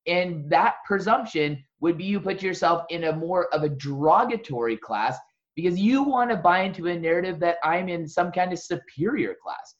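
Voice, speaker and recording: A man's voice: high-pitched, moderate pace. A man in his thirties talking in casual conversation, blunt and emphatic, swearing. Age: 30s. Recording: muffled lo-fi audio.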